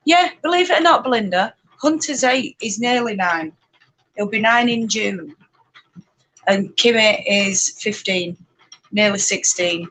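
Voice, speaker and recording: A woman with a Yorkshire accent chatting casually and rambling on a live stream, talking loudly over her spinning wheel and laughing often. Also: medium pitch, expressive, a little slow, rough recording. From Yorkshire, England. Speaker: spinning channel host.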